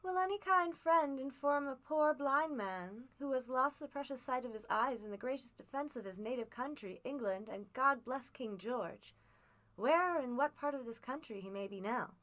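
A woman voicing a cruel blind old male beggar pirate who talks in a soft sing-song that turns cold and menacing. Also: high-pitched, animated, moderate pace, voice pushed up. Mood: wheedling sing-song. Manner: soft-spoken singsong turning cold and menacing.

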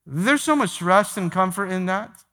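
A pastor preaching a sermon to his church, emphatic, repeating phrases and slowing down to stress key points. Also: high voice, lively intonation, a bit bright. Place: large church sanctuary. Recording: long hall reverb.

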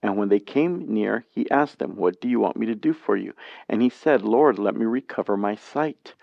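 A man teaching a Bible study lesson, reading scripture passages aloud and explaining them in a plain, measured way. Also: lowish voice, lively intonation, vocal fry, dry recording. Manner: plain, measured reading with brief spoken asides. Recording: dry, dull lo-fi sound.

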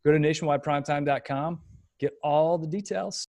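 Brief: male podcast co-host, slightly higher voice, wry jokester. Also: steady tone, moderate pace, very noisy. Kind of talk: casual chat and ad read.

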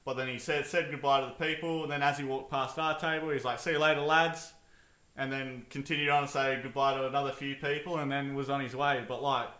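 Halting, bright-voiced man. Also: mid-range voice, steady tone, roomy sound. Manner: hesitant, many ums and restarts. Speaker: podcast co-host. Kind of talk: casual storytelling.

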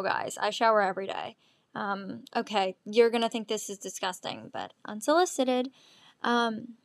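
On her own show, a podcast host in her twenties speaks in a fairly high-pitched voice, chatting solo in a loose, honest, rambling style packed with ums and likes. The recording is dry.

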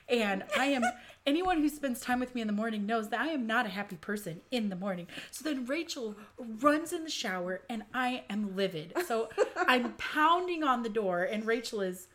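A woman chatting casually, telling family stories in an expressive, dramatic way. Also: a little high, moderate pace. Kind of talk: casual chat.

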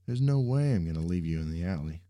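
An earnest young superhero with an insistent, encouraging manner, as a male reader voices him. His voice is low and mellow, only a little raised above the narration. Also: animated, fast talker.

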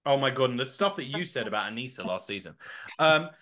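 A podcast host rambles and jokes his way through a casual episode, using plenty of fillers and sounding animated. His voice sits at medium pitch and he talks fast.

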